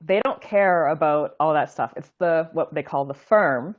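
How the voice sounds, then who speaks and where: A woman's voice: low-pitched, normal speed. Upbeat woman host on muffled audio. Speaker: podcast co-host. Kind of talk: casual chat.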